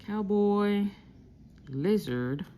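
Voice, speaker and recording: A woman hosting a casual vlog, reading out scratch-off symbols slowly one by one. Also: medium pitch, animated, mellow, a little hiss or hum. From Texas. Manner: slow, reads out symbols one by one while scratching. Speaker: lottery scratch-off vlogger.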